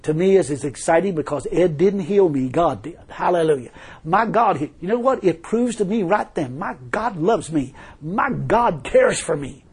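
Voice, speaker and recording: Husky, high-voiced male preacher. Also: animated, moderate pace, a little mellow. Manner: fervent, repeats hallelujah, storytelling. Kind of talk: sermon.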